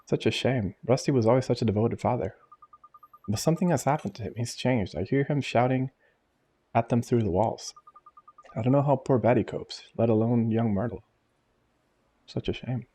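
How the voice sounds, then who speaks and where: Man voicing a chatty old neighbor lady, fussy, kindly, gossiping, mellow tone, game dialogue read aloud. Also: medium pitch, normal speed, long pauses, voice pushed up, natural voice. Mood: gossipy.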